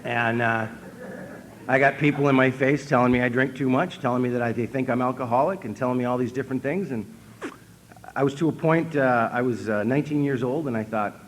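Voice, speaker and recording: Deadpan storytelling man at a podium. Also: medium pitch, a little fast. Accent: Upper Midwest American. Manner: storytelling, deadpan self-mocking, acts out quotes. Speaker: speaker at an AA convention. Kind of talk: humorous recovery talk. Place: convention hall stage.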